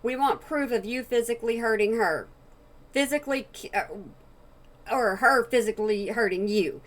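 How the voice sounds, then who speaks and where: A woman's voice: a little high, normal speed. Blunt woman reacting to a clip. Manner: blunt, opinionated. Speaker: reaction channel host. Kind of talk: casual commentary.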